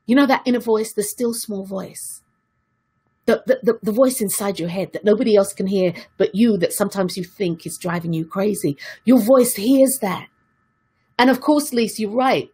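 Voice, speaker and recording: A woman's voice: medium pitch, normal speed, dark tone, slightly rough. A woman giving an earnest motivational talk to her viewers, repeating key questions for emphasis. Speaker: self-help speaker.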